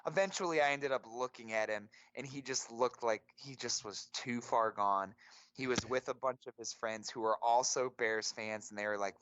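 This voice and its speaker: A young man co-hosting a podcast, telling a story in an animated, profane way full of fillers. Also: medium pitch, normal speed, no room sound, lo-fi sound. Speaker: podcast co-host. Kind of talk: casual storytelling.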